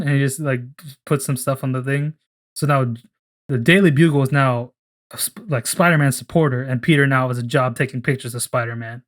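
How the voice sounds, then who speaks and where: A young man in casual podcast talk, rambling as he pitches a story, swearing freely and briefly putting on voices for the characters. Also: fairly even intonation, brisk. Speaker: podcast co-host.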